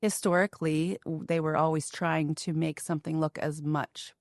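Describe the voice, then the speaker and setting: A woman's voice: low voice, level tone, normal speed, no echo, clean studio sound. A woman hosting a podcast interview, drawing out her guest's stories with thoughtful remarks. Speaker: podcast host. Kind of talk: casual interview conversation.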